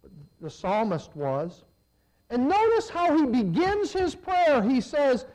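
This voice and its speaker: A man preaching a sermon, swinging between loud emphatic lines and low, hushed ones. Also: huge pitch swings, takes it slowly, poor audio.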